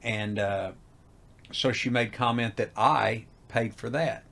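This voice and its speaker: A man's voice: mid-range voice, takes it slowly, gravelly. A middle-aged man, telling a story as an interview guest and acting out the voices in it. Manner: animated, acts out quoted dialogue. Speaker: haunted house owner, guest.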